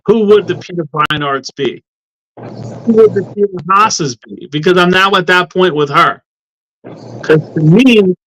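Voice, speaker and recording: A man's voice: high voice, a bit bright, slight background noise, rough recording. A man guesting on a talk show as a law professor, speaking in an indignant, impassioned way. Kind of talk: heated talk-show discussion.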